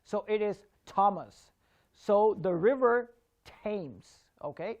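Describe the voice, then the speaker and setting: A woman's voice: mid-range voice, expressive, takes it slowly, darkish tone, dull audio. A woman teaching an online English pronunciation lesson, carefully demonstrating sounds in contrasting word pairs.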